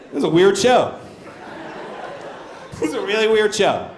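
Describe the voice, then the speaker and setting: A man's voice: high voice, a little hiss or hum. A male stand-up comedian performing a brash, profane, self-mocking set on a comedy club stage. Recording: roomy comedy club sound.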